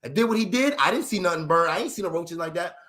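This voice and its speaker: A young adult man telling comedic stories in a profane, animated style, slipping into character voices. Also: high voice, fast talker. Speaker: comedic storyteller.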